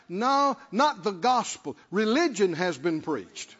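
Male preacher, high and fervent, muffled recording with long church echo. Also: big pitch swings, unhurried, few pauses, husky. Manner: calls out to the congregation, rising to shouts. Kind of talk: sermon.

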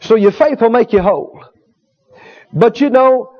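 High-voiced emphatic male preacher. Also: a little slow, darkish tone. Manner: emphatic, repetitive, call-and-response with the congregation. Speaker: healing school teacher and preacher. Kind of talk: sermon. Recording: dull lo-fi sound.

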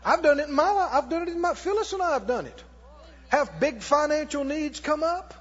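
Male preacher, very high pitch, lively sermon delivery, muffled lo-fi church recording. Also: brisk, in a large hall. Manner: animated preaching with mock laughs and shouts. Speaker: pastor.

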